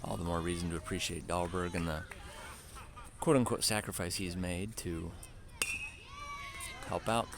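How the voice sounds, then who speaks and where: A man giving relaxed, chatty play-by-play commentary on a youth baseball game and mixing in side stories. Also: low-pitched, moderate pace, long pauses.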